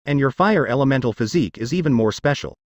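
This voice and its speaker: A stern, secretive father who rules a clan as a male narrator voices him. The pitch moves a lot while the reading stays even and unacted, close and dry. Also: fast talker, no room sound, lightly acted. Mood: curt.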